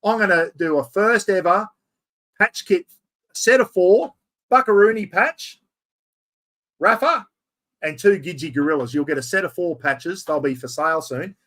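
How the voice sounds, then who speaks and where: A man's voice: on the high side, moderate pace, a bit bright. A middle-aged Australian man hosting a casual livestream, chatting loosely and reading out viewer comments with plenty of slang. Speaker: livestream host.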